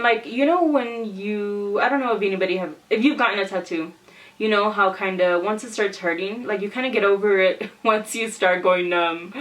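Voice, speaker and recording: Animated young woman telling a story. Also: mid-range voice, distant mic, rough recording. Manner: animated, exclaiming, acts out quotes. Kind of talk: casual storytime vlog.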